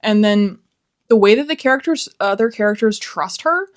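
A woman's voice: medium pitch, animated, normal speed. A woman giving a casual, rambling book review, sounding exasperated and swearing freely.

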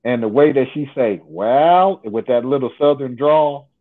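A man's voice: medium pitch, a little fast. Man telling a story over a tinny phone line. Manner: acts out quoted dialogue, jokes and swears. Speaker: interview guest. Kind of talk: animated storytelling.

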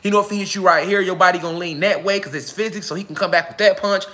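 A man speaks live to his followers in a high, tense, forceful voice. His talk is heated and profane. He keeps circling back with repeated phrases and street slang. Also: steady tone, rapid-fire. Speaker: self-styled spiritual speaker. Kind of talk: unscripted live speech to followers.

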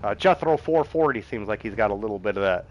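Speaking fast with lively intonation and a lowish voice, a middle-aged streamer gives relaxed commentary on his farming game while he reads chat. He banters with viewers, chuckles frequently and talks himself through the next job. The recording is muffled, with a little hiss or hum.

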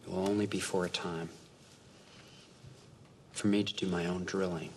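An actor playing a grown adopted son who calmly tells his father he is leaving, speaking in a quiet, measured, halting way. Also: low voice, slight background noise. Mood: earnest. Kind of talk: amateur film scene re-enactment.

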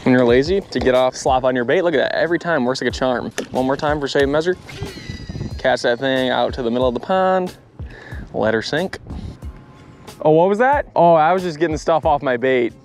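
A man of about twenty, a fishing vlogger, chatting casually outdoors by a pond in a joking, rambling way that turns excitable. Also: medium pitch, fairly quick, faint music behind. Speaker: bass fishing YouTuber. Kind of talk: casual vlog chat.

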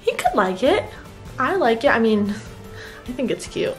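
A woman's voice: a little high, very animated, moderate pace, faint music behind. A young woman vlogger pranking her boyfriend at home with an exaggerated, gushing girly act. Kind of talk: prank vlog, talking to camera. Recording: roomy echo.

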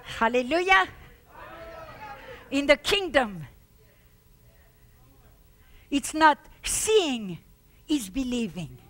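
Fervent high-voiced woman preacher. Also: very animated, very slow, long pauses. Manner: fervent preaching with shouts and exclamations; repeats words for emphasis. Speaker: pastor. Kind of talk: sermon.

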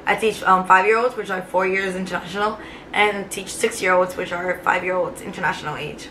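A woman's voice: fairly low pitch, steady tone, brisk. A woman in her twenties, a teacher, chatting casually to the camera in a rambling, emotional way with many fillers. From Cuba. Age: 20s. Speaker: vlogger, teacher. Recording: faint background noise.

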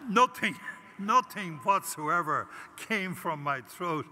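A man's voice: fairly high pitch, expressive, unhurried, pushed and bright, slight background noise. An older Irish priest giving a conference talk, telling a personal story and acting out his prayers with animation. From Ireland. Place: large conference hall. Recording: long hall reverb.

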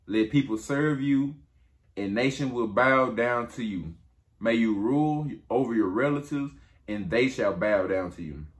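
A man voicing an old father in a spoken story, speaking slowly and solemnly. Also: medium pitch, close to an everyday voice. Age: older.

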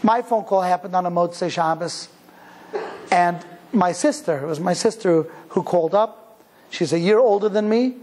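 Earnest rabbi telling a story. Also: male voice, high-pitched, normal speed, a little mellow. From Cleveland, Ohio, USA. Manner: emphatic, earnest, repeats for emphasis. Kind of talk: storytelling sermon.

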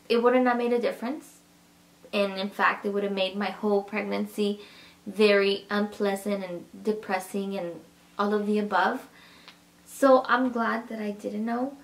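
A woman's voice: mid-range voice, creaky. A young woman vlogger telling a personal story to her viewers in a chatty, emotional way, talking to them directly. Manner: chatty and emotional, addresses viewers as "you guys". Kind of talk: casual personal storytelling to camera.

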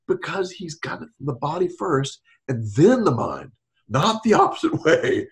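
A middle-aged man counseling-style talking in a casual podcast discussion, animated and often laughing, acting out quotes in a raised voice. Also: high voice, moderate pace, gravelly.

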